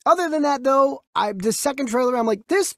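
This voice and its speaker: A man co-hosting a casual movie news podcast, talking in an animated way with frequent restarts. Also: very high voice, brisk, no room sound, studio quality. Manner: animated, many restarts and quoted voices. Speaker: podcast co-host.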